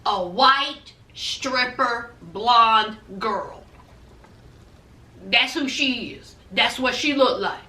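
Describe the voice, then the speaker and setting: Woman doing a low, disapproving mom, blunt and scornful, roomy sound. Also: very slow, sharp tone, far from the mic, full character voice. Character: blunt scornful middle-aged mother. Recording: roomy echo.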